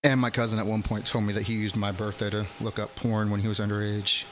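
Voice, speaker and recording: A man's voice: fairly low pitch, level tone, fast talker, slight background noise. A man casually telling stories from his own life, blunt and profane, laughing at his own jokes. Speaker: storyteller. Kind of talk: casual storytelling.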